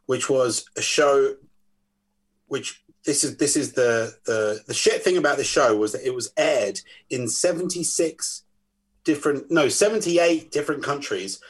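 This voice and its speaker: Podcast guest: man, husky, lively anecdote teller. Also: medium pitch, a little slow. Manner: animated storyteller acting out quoted voices. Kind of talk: casual chat.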